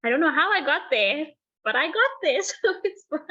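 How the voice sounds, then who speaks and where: A woman's voice: high-pitched, very animated, a little fast, sharp tone, dull audio. A young woman student on an online class call, giggly and unsure of herself.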